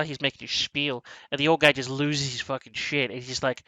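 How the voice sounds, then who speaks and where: A man with a bright, fairly high voice talks through a film in a loose, rambling way, stumbling over restarts and breaking into quoted lines. The sound is dry and close, with no room around it. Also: brisk, hardly any pauses, no room sound, low-quality recording. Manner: rambling, animated, many restarts and acted-out quotes. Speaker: movie review podcast host. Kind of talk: casual film discussion.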